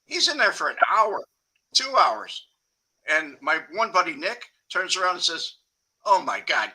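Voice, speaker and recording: A man's voice: high voice, very animated, normal speed, pushed and bright, husky, rough recording. A man from Chicago, a guest in a casual chat, telling blunt anecdotes and laughing easily.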